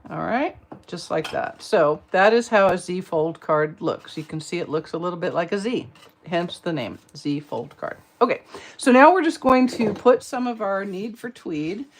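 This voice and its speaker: A woman's voice: fairly low pitch, animated, moderate pace. Chatty self-mocking woman teaching a craft. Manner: chatty, self-deprecating, rambling asides. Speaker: card-making demonstrator. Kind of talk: casual craft tutorial.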